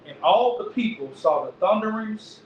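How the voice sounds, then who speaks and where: A man's voice: high voice, expressive, normal speed. Man, emphatic bible teaching, keeps checking "right?", dull muffled recording, faint hiss. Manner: emphatic, repeats lines, asks "right?" often. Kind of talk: street-preaching bible lesson. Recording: echoey, distant, dull lo-fi recording with faint noise.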